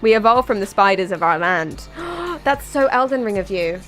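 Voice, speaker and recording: A woman's voice: medium pitch, animated, normal speed, fairly bright tone, faint music behind. A young British woman streaming a game, chatting casually with viewers in a rambling, jokey, tangential way while sounding tired.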